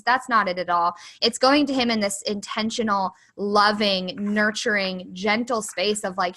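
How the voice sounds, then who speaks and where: A woman hosting a podcast, with a bright, forward voice. She talks emphatically, stacking her points in repeated list-like phrases. Her tone stays casual and conversational throughout. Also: mid-range voice, fairly even intonation, moderate pace, few pauses, low-quality recording. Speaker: podcast host.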